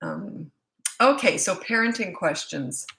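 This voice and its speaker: A woman's voice: fairly low pitch, wildly swooping pitch, takes it slowly, pushed and bright, poor audio. A woman with a Canadian accent, a parenting coach, chatting frankly with viewers on a live-stream Q&A and greeting them by where they are. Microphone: own set-up microphone.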